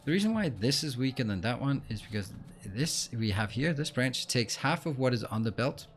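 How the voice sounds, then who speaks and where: A man hosting a let's play, explaining what he does as he plays and filling pauses with frequent ums and uhs. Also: mid-range voice. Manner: explains while playing, with frequent fillers. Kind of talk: gameplay commentary.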